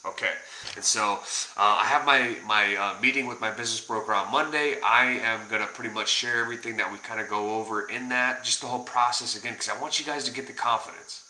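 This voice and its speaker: A man talking casually to camera as a personal finance vlogger, energetic and rambling, coaching viewers with lots of fillers and restarts. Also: mid-range voice, echoey room, poor audio. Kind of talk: casual direct-to-camera talk.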